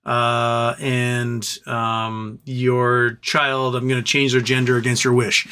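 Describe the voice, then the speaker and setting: A man's voice: medium pitch, flat delivery, slow, sharp tone, smooth. Man impersonating an old president, blustering, indignant, mock phone call. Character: an elderly male president in a mock prank call.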